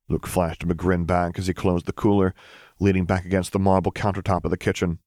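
A man narrating a serialized fan fiction story in a steady, even reading voice. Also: sits low, fairly quick, no room sound, clean studio sound. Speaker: audiobook reader.

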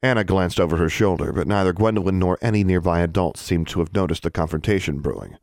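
Deep-voiced male audiobook narrator. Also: fast, no room sound. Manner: expressive storytelling. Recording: dry close studio sound.

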